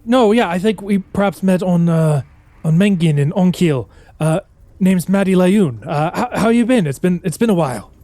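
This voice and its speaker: Picture a shifty dwarf stowaway in a tabletop game, stammering and evasive, his voice pushed a little higher than normal, as a man puts him on. He sounds close and dry, with nothing around him. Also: lively intonation, normal speed, warm tone, dry recording. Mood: nervous.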